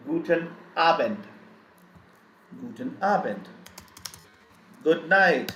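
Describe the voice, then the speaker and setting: A man teaching a live online German lesson, speaking slowly and repeating each word several times. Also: on the high side, lively intonation, fairly bright tone. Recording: echoey room, faint background noise.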